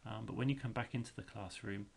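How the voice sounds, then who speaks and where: A man's voice: lowish voice, fast talker, vocal fry, slight background noise. A male teacher explaining a lesson step by step, chanting rhythms aloud to show the beat.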